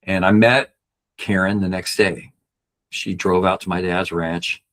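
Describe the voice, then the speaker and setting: A man's voice: steady tone, unhurried, a bit bright. A middle-aged man, a podcast guest, telling a personal story earnestly and acting out the people he quotes. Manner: earnest, acts out quoted people with raised pitch.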